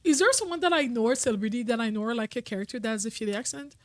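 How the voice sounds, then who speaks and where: A woman's voice: a little high, racing, no echo. A young woman streaming a video game, chatting casually and rambling with frequent laughs. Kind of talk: casual gameplay commentary.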